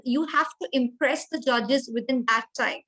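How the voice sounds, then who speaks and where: A woman from India with an Indian English accent, running an online communication training session with clear, instructive delivery and deliberate emphasis. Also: high voice, a bit bright, poor audio.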